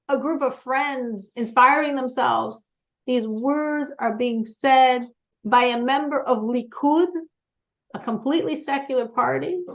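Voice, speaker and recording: A woman's voice: a little high, gravelly. A woman teaching a religious class, telling stories earnestly and putting questions to the group. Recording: dull lo-fi sound.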